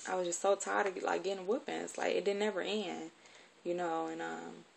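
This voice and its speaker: A woman recounts a personal story in a halting, informal way, with lots of fillers. Her voice sits low with a gravelly fry. The talk stays loose and conversational. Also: level tone, slight background noise. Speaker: vlogger.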